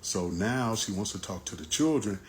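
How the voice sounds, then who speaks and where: A man's voice: fairly low pitch, animated, moderate pace, slight background noise. Man telling his own story casually. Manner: plain-spoken, conversational, repeats points for emphasis. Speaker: vlogger recounting his divorce.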